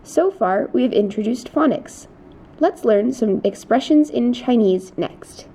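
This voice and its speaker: Gravelly, mellow-voiced woman teaching. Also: a little high, expressive, measured pace. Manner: patient, explanatory instruction. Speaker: Mandarin teacher. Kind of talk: recorded lesson narration. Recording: dull lo-fi recording.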